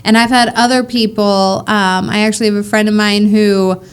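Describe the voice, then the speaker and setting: A woman's voice: medium pitch, level tone, moderate pace, smooth. A woman co-hosting a casual podcast chat, with a slight Midwestern twang. She rambles, giggles, and fills her sentences with ums and likes. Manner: rambling, giggly, many fillers. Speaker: podcast co-host.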